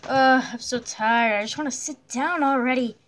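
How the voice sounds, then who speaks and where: Voicing a nervous young blocky hero from a cartoon adventure, a woman keeps her voice high and a bit bright. She hesitates often, breaking in with jittery pauses and yelps.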